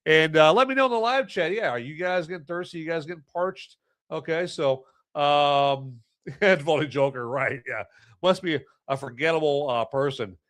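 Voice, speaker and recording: A man's voice: fairly high pitch, normal speed, a bit bright, no echo. A man hosting a live podcast, chatting casually in a rambling, self-mocking way with jokey asides. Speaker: podcast host reviewing movies and beer. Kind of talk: casual live-stream chat.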